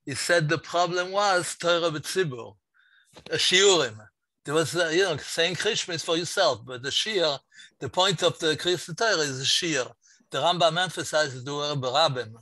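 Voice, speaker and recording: A man's voice: a little high, normal speed, sharp tone, dry recording. A man taking part in a class discussion, offering his point with some hesitation. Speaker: class participant.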